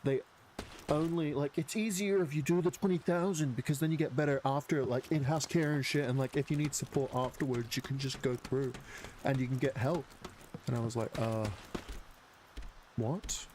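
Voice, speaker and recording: A man's voice: mid-range voice, fairly even intonation, brisk, a little mellow, slight background noise. A man live streaming, casually telling a story while gaming, rambling and swearing a lot.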